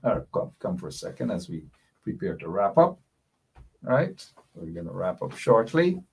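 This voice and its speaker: A man's voice: on the low side, very animated, moderate pace, creaky, darkish tone, slightly rough. A man with a Guyanese accent hosting a radio talk show, mixing chuckles with emphatic, repeated points. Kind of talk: casual political commentary.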